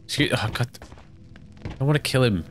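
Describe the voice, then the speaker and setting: A young man chats his way through a video game, rambling and easily startled. His pitch leaps up and down a lot. Game music plays clearly underneath his voice. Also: lively intonation, normal speed, fairly bright tone. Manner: rambling, jumpy, breaks into panicked yelps and laughs. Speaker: let's play gamer. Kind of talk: casual gameplay commentary.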